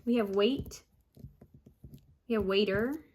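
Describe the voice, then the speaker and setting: A woman psychic medium reading out channeled messages, repeating each word she hears and pausing often with ums. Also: mid-range voice, darkish tone, slight background noise. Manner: hesitant with frequent ums.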